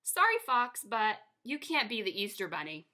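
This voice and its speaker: A woman voicing a calm, sensible turtle. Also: a little high, moderate pace. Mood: apologetic. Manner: calming, reassuring.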